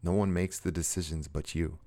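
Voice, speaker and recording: A man speaking earnestly to his viewers in a motivational monologue, slow and emphatic, repeating short phrases. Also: sits low, fairly even intonation, mellow. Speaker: self-help speaker.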